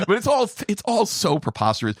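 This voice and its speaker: A man's voice: high-pitched, dry recording, studio quality. A middle-aged man co-hosting a casual movie-review podcast, rambling with restarts and frequent laughs. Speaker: podcast co-host.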